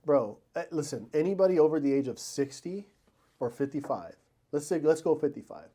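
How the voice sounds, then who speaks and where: A man's voice: on the high side, lively intonation, a little fast, mellow. A man co-hosting a casual podcast, rambling and correcting himself as he jokes along. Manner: rambling, self-correcting, jokey. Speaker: podcast co-host.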